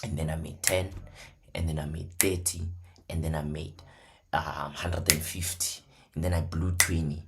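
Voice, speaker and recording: A man, a trading mentor, telling stories in casual talk, animated, swinging from hushed to loud. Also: a bass voice, normal speed, noisy background. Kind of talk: casual storytelling.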